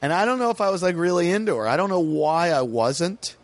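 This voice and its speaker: A man's voice: high-pitched, a little fast, dry recording. A man from the United States, a comedian guest on a podcast, telling a story casually and acting out the people in it. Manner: animated, acts out voices in his story.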